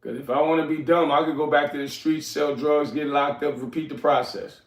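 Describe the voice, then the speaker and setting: A man's voice: a little high, steady tone, brisk, reverberant, far from the mic. A middle-aged man hosting a casual livestream, rambling and streetwise as he talks to his chat. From New York. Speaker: livestream host.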